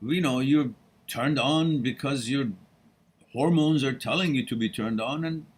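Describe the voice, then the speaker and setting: A man's voice: mid-range voice, measured pace, husky. A man hosting a live-stream question-and-answer session, frank and blunt, swearing casually and laughing often between answers. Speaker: host answering viewer questions.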